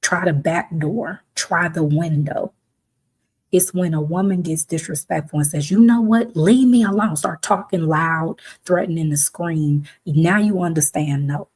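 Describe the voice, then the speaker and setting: A woman's voice: sits low, fairly even intonation, a little slow, breathy edge. A woman hosting a reflective talk, speaking emphatically and conversationally, sometimes acting out the voices of the people she quotes. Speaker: host.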